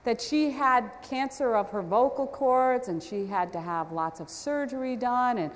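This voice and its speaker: A woman's voice: fairly high pitch, a little slow. A woman preaching a storytelling sermon, talking conversationally with self-deprecating asides. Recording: long hall reverb.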